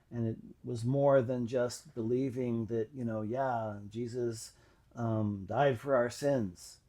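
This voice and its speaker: Man, mid pitch, personal testimony talk, reflective and halting with lots of fillers. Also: a little mellow. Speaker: channel host.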